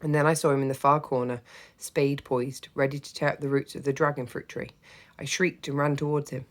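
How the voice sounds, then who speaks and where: Very deep-voiced woman reading a storybook. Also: a little fast. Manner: expressive first-person narration, lively and gently humorous. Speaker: teacher reading to a class. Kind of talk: storybook read-aloud.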